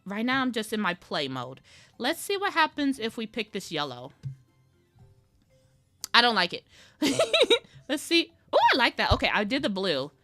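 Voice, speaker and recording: Bright bouncy woman on a drawing stream, rambling and talking to herself, faint music underneath. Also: on the high side, huge pitch swings, unhurried, long pauses. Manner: rambling, self-talking, playful. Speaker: digital artist streaming her drawing process. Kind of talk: casual live-stream chat while drawing.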